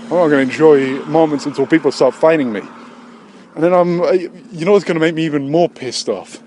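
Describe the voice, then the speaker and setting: A man vlogging on his own outdoors with a handheld camera. He rambles crudely and mocks himself, breaking into sudden silly shouted voices. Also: fairly high pitch, brisk, a little hiss or hum. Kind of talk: rambling solo vlog.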